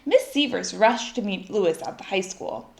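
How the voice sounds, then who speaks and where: A woman reading a children's story aloud in an expressive, lively way. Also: medium pitch, normal speed, gravelly. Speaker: storybook reader. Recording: echoey room.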